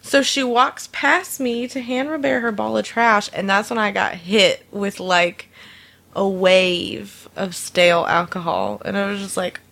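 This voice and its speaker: A woman tells a funny story about a day at work in a relaxed, chatty way. She is animated and acts out the people she quotes. She laughs often as she goes. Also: medium pitch, a little slow, creaky. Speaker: storyteller recounting a work incident. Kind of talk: casual anecdote.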